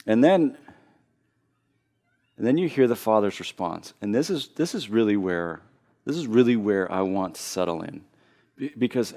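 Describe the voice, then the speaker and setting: A man preaching a sermon as pastor, earnest, often repeating and restarting phrases as he builds to loud emphasis. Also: fairly low pitch, creaky.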